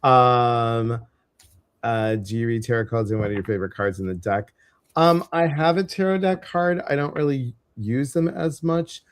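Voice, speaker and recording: A man's voice: medium pitch, moderate pace, clean tone. A man with a Chicago accent co-hosting a casual live-stream show, chatting and reading out viewer comments. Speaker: co-host of a live psychic show.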